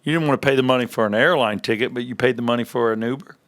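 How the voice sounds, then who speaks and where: A man's voice: mid-range voice, rapid-fire, fairly bright tone. A man co-hosting a podcast in casual chat, teasing his co-hosts and swearing freely. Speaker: podcast co-host.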